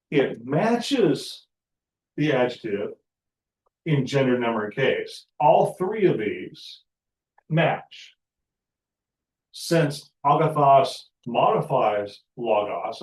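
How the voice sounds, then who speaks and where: A man teaching a Greek grammar class, talking in a halting way with many fillers and restarts. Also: mid-range voice, echoey room, poor audio. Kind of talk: classroom lecture.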